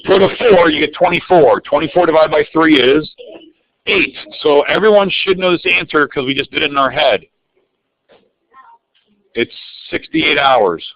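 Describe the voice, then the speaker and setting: In a live online algebra review, a man who teaches math calls on his students by name in an upbeat way. His voice is on the high side. The audio is dull, lo-fi, and dry.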